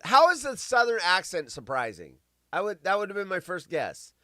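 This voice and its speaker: A middle-aged man hosting a live show, rambling and swearing, with big swings between loud bursts and mumbling. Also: high voice, very animated, moderate pace, no echo. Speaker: podcast host. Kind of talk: casual live-stream chat.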